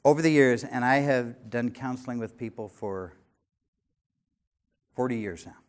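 An older man in his sixties preaching a sermon, animated, swinging between loud emphasis and quiet conversational asides. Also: mid-range voice, unhurried. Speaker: pastor.

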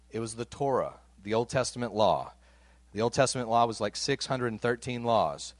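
A man's voice: medium pitch, dry recording. A man preaching a sermon in a conversational way, reading scripture aloud and giving its quoted lines some voice. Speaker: pastor.

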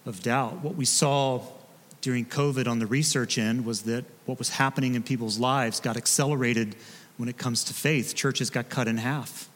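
A man, a pastor preaching in a relaxed, conversational way with joking asides to his congregation. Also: medium pitch, moderate pace, long reverb tail. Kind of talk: sermon. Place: church sanctuary.

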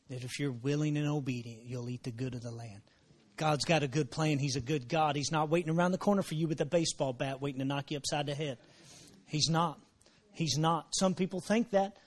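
A man preaching a sermon, repeating his phrases and dropping in praise exclamations, moving from low murmurs to shouted emphasis. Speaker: pastor.

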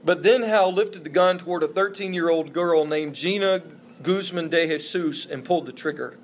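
A man's voice: fairly high pitch, moderate pace, slight background noise. A man preaching a sermon as a pastor, earnest and emphatic, with repeated phrases for stress. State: emotional, voice breaking.

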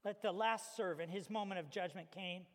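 A man preaching a sermon as a pastor, telling stories with animated acted-out little scenes. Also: high-pitched, normal speed. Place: church hall. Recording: reverberant hall.

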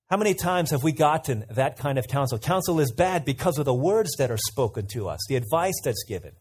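A man's voice: mid-range voice, darkish tone, breathy edge. A man preaching a sermon in a conversational way, asking listeners questions and telling stories. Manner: conversational, asks the audience questions, tells anecdotes.

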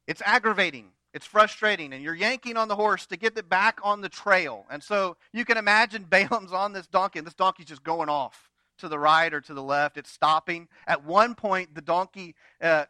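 A man preaching to his congregation, telling a story with joking asides. His voice is high and bright, recorded close and dry with no room around it. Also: moderate pace, hardly any pauses, no echo. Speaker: pastor. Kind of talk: sermon.

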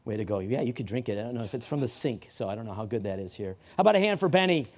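During a church service, a male pastor delivers a sermon at a racing, animated clip, his mid-range voice slightly mellow. He talks conversationally, often beginning sentences again and repeating important phrases to drive them home.

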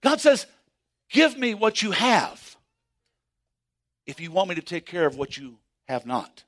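High-voiced preacher man, fervent and animated. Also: measured pace. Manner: animated preaching with sudden shouts and hushed asides. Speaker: pastor. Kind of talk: sermon.

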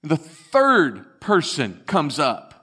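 Bright-voiced preacher, slow and dramatic. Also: male voice, fairly high pitch, wildly swooping pitch, husky. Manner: dramatic storytelling, retelling scripture with swings from loud to hushed. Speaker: pastor. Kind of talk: sermon.

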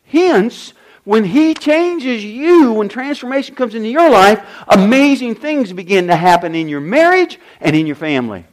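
An older man preaching a sermon as pastor, emphatic, with repeated refrains and rhetorical questions. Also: sits high.

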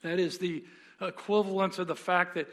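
A pastor with a fairly high voice preaching a sermon. He tells the story earnestly and leans into dramatic pauses. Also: flat delivery, a bit bright.

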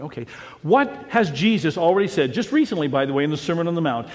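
A middle-aged man, a pastor, preaching a sermon in an animated way, dropping to a hush and then rising to a shout. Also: fairly high pitch, a little fast, long pauses, long reverb tail. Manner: animated preaching, swinging between hushed and shouting.

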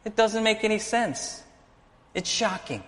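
A man preaching a sermon, animated, acting out the lines of the people in his story. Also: high-pitched, measured pace, in a large hall. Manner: animated preaching, acts out dialogue. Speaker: pastor.

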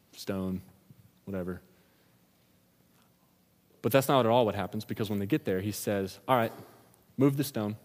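A man preaching a sermon, retelling the scripture story in a casual, slangy storytelling manner. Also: fairly low pitch. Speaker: pastor. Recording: long reverb of a large hall.

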